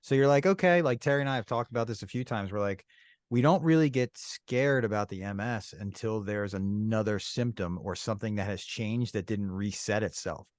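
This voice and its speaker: Low-pitched man, podcast co-host, reflective explaining, dry close mic. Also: normal speed, no room sound. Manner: thoughtful, explains calmly. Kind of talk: casual chat.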